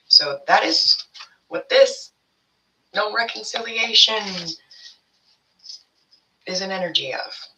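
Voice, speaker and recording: A woman's voice: fairly low pitch, pushed and bright, far from the mic, low-quality recording. A woman giving a casual spiritual tarot reading to her viewers, rambling and blunt, swearing freely as she talks. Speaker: tarot reader.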